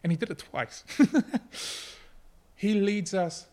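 Preaching slowly, a middle-aged pastor with a somewhat higher-than-usual voice speaks earnestly and from the heart. Now and then he settles into gentler, reflective stretches.

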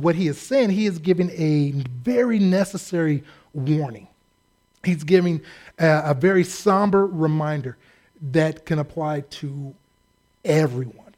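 A man preaching a lively, humorous sermon, joking and acting out quotes. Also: fairly high pitch. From United States. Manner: animated, joking asides and acted-out quotes.

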